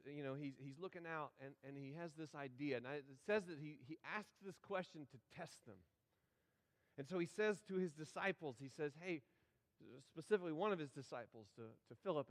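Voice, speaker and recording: A man preaching to his congregation, retelling a story in a folksy, playful way and acting out the characters. His voice sits a little high. It carries a long reverb from the church sanctuary. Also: a bit bright. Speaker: pastor. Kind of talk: sermon.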